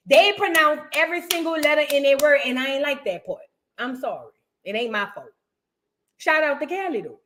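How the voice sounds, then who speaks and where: A woman's voice: high-pitched, fairly bright tone. A woman hosting her own commentary channel, talking in a rambling, slangy and blunt way. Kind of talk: casual reaction commentary.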